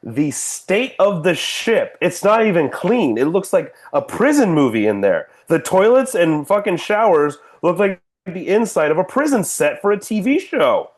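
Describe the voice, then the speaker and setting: A man's voice: high voice, sing-song, a little slow, few pauses. A man co-hosting a casual podcast, ranting sarcastically and swearing freely. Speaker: podcast co-host. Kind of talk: casual political podcast chat.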